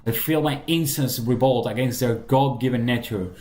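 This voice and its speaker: A man reading aloud as a doomed male nobleman confessing his crimes, in a solemn, halting way with small stumbles. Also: mid-range voice, darkish tone, a little hiss or hum, close to an everyday voice. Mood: grave.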